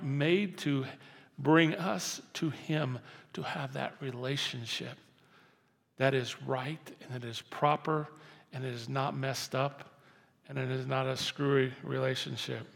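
An older man preaching a sermon as pastor, dropping to soft intimate lows and rising to loud emphatic lines. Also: slow pace, vocal fry. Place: church sanctuary. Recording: long hall reverb.

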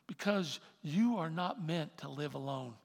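A man preaching a sermon as pastor, with animated delivery that swings from quiet asides to shouted emphasis. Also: a little high, unhurried, gravelly, big-room sound.

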